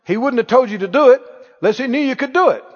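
A man's voice: extremely high pitch, animated, fast, a faint crowd. A man preaching a sermon emphatically, leading his congregation in call-and-response. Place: church sanctuary. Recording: dull recording in a reverberant hall.

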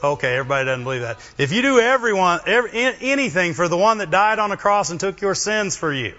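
A man preaching a sermon, animated, often asking the congregation for a response. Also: high-pitched, fast talker. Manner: animated, asks the congregation questions. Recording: dull lo-fi recording.

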